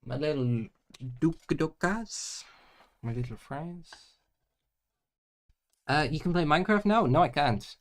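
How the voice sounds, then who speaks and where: Speaking at a medium pitch, a man doing homework on stream keeps up casual chatter and mutters to himself. Loud bursts alternate with soft mumbling, peppered with playful gibberish and hesitant French.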